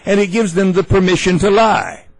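A man hosting a talk radio show, giving opinionated commentary in a folksy, halting way with many fillers and restarts. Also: sits high, gravelly, no echo, poor audio.

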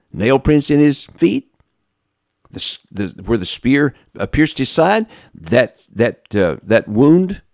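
A man's voice: a little mellow, no echo. Preacher guy, voice swoops up and down a lot, dry close sound, folksy and emphatic. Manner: emphatic, with big pitch swings, repeats and restarts; folksy, talks directly to the congregation. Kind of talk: sermon.

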